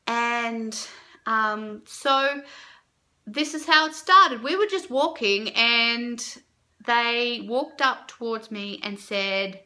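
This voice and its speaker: Aussie girl vlogging a story, bright higher voice, chatty with lots of ums. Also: slow pace. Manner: chatty and animated, many fillers, jumps up high for her own reactions. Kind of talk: casual storytelling to camera.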